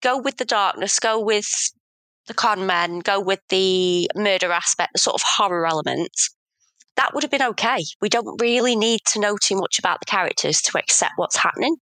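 A woman's voice: medium pitch, normal speed, pushed and bright, no echo. A woman, co-hosting a casual film review chat, thoughtful and hedging, with self-mocking humor. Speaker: podcast co-host.

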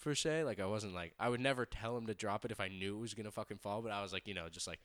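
A man's voice: fairly low pitch, very fast, fairly bright tone, no echo, clean studio sound. A young man co-hosting a casual podcast, telling crude stories with lots of swearing and acted-out voices. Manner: crude storytelling, swears a lot, acts out others' voices. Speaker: podcast co-host.

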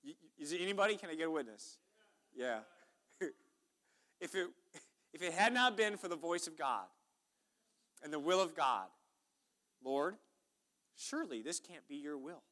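Bright-voiced folksy preacher. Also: male voice, on the high side, expressive, normal speed, long pauses. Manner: folksy, chatty preaching with audience call-outs. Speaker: pastor. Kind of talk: sermon. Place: church sanctuary.

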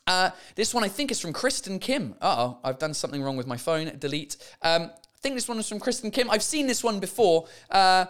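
A man's voice: high-pitched, animated, brisk, fairly bright tone. A man hosting a comedy podcast, chatting and swearing casually as he laughs his way through mistranslated signs. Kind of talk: casual comic monologue.

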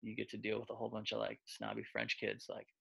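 Gravelly, bright-voiced man telling stories. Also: on the low side, completely flat delivery, fast. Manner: loose and chatty, heavy with filler words, acts out quoted lines. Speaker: quarterback coach. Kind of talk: casual interview storytelling.

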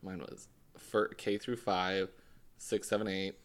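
A man's voice: deep voice, little pitch movement, slow. A young man co-hosting a podcast, teasing his friend with sarcastic, swearing banter. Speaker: podcast co-host. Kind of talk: casual chat.

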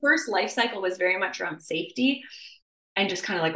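A young adult woman hosting a podcast in casual chat, animated and constantly saying "like" as she acts out her own inner voice. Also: mid-range voice, moderate pace, echoey room, rough recording. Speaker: podcast host.

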